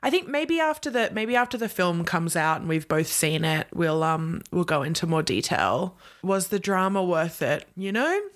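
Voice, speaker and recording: A woman's voice: lowish voice, lively intonation, moderate pace, few pauses. A woman co-hosting a podcast, talking casually and enthusiastically about pop culture with lots of likes and ums. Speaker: podcast co-host. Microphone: remote call-in mic.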